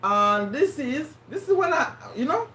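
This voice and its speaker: A woman's voice: high voice, big pitch swings, a little slow, fairly bright tone, slight background noise. Woman, strained voice, roomy distant sound. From Uganda. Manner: chatty, addresses viewers by name, repeats points. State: strained, failing voice. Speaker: live-stream host. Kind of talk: casual live-stream chat.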